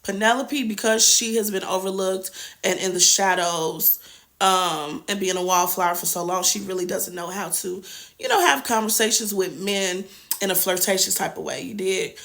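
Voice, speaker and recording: A young woman hosting a TV review show, recapping an episode in slangy, animated casual chat with sassy asides. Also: mid-range voice, normal speed, gravelly. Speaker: TV review host.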